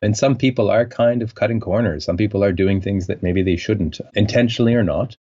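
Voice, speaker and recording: A man from French Canada, a scientist, talking as a podcast guest in a relaxed, rambling way. His voice is very low, and his audio comes through dull and lo-fi. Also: brisk. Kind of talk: conversational interview.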